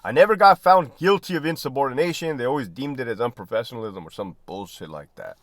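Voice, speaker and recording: A man's voice: medium pitch, lively intonation, fast talker, no echo, studio quality. A man who was a prison lieutenant, talking bluntly and profanely to viewers, often tagging "right?" and "man". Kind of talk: candid casual monologue.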